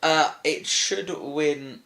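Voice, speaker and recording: A man's voice: fairly high pitch, drawn-out words, pushed and bright. A man co-hosting a casual podcast, rambling with lots of fillers and restarts. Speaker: podcast co-host. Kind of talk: casual chat.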